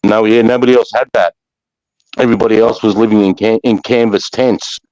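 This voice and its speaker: A middle-aged Australian man, a former soldier, telling war stories in casual, rough-spoken chat, swearing freely and trailing off into fillers. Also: fairly low pitch, fairly even intonation, a little fast, darkish tone, lo-fi sound. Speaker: army veteran guest.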